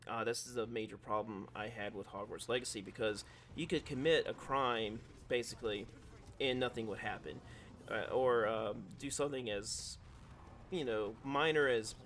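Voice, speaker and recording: A man's voice: medium pitch, fairly bright tone, slight background noise. Rambling man reviewing a game. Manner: rambling, analytical, self-correcting. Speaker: gaming video creator.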